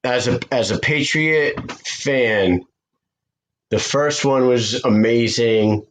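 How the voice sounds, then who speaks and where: A man hosting a podcast, chatting casually and telling a profane, animated story. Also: medium pitch, slow, slight background noise, poor audio. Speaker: podcast host.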